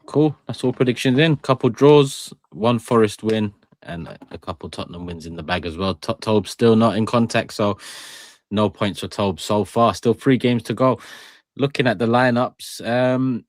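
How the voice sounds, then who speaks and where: Brisk male podcast host, low voice, dry recording, keeps the chat moving. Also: dry recording. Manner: brisk, upbeat, moves the segment along. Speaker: podcast host running predictions. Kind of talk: casual football podcast hosting.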